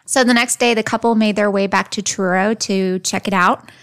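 A woman's voice: mid-range voice, fairly even intonation, moderate pace, fairly bright tone. A woman hosting a true crime podcast, telling a case from her notes in a casual, chatty way with playful asides. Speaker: podcast host. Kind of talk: casual chat and case narration.

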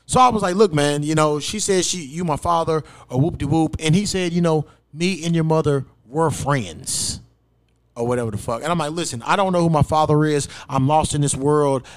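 A young man with a slightly high voice tells a story on his podcast. He curses constantly and keeps it animated. He jumps up loud whenever he quotes himself. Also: fast talker, hardly any pauses. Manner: profane, animated, acts out quotes loudly. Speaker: podcast host. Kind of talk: casual storytelling chat.

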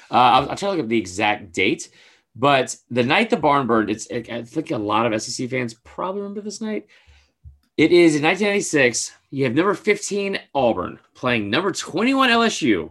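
Male podcast co-host, bright voice, casual and rambling storyteller. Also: mid-range voice. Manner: rambling storyteller, lots of filler "like", swears casually.

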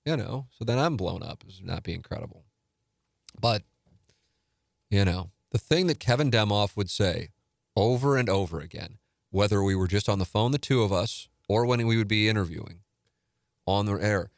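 Man, podcast host, low-pitched voice, rambling casual storytelling, dry studio sound. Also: normal speed, vocal fry, long pauses, no echo. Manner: animated, rambling storytelling with fillers. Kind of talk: casual solo podcast talk.

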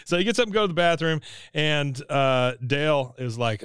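Guy chatting about a cartoon episode, smooth clear voice, dry close mic, does the characters' lines. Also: lively intonation, normal speed, fairly bright tone, no room sound. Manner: retells scenes, acts out characters' lines in high voices. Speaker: podcast co-host. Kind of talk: casual chat, recapping a cartoon episode.

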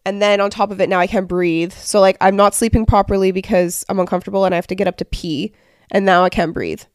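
A young pregnant woman chatting casually as a podcast co-host, chatty and quick to laugh. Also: medium pitch, steady tone, clean tone, no room sound, clean studio sound. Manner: chatty, laughs often, lots of "like". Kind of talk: casual chat.

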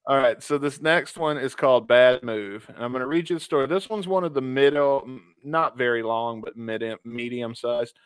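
A man's voice: mid-range voice, fairly even intonation, normal speed, few pauses, clean tone, dry recording. A man co-hosting a casual podcast, reading listener stories aloud in a laid-back way and ranking them. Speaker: podcast co-host.

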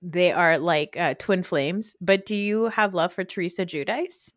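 A woman hosting a podcast, curious and quick to laugh, asking probing questions. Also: fairly low pitch, no echo, studio quality. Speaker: podcast host. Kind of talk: casual chat.

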